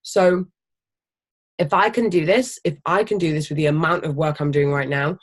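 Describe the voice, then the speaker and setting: Team leader, casual motivational training talk; emphatic, energetic, swears freely, mid-pitched. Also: normal speed, husky. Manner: animated, energetic. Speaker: team leader of a health business.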